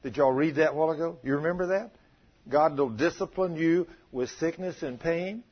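A man preaching a sermon, telling folksy stories with a chuckle in a husky voice. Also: on the high side, normal speed, muffled recording.

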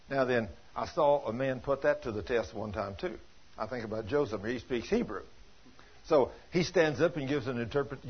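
A man preaching a sermon in a folksy, animated way, retelling conversations as stories. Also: mid-range voice, husky. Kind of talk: sermon storytelling. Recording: dull lo-fi recording.

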